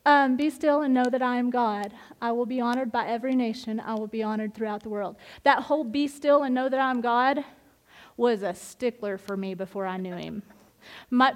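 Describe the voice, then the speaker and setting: Lively woman leading Bible study. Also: a little high, a little fast. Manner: animated and candid, with frequent laughs and restarts. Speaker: women's Bible study leader. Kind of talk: informal devotional teaching.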